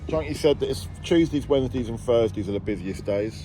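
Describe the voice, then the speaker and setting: A man's voice: mid-range voice, expressive, a little fast, warm tone, faint music behind. A man chatting casually on an outdoor work site as he vlogs about his landscaping business, bantering and rambling. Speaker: vlogger, landscaping business owner. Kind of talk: casual on-site vlog chat.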